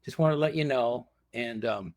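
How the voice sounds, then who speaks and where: A man's voice: mid-range voice, normal speed, darkish tone, no echo, studio quality. A man, a guest and former reality show contestant, tells stories in casual chat, acting out other people's lines with laughter.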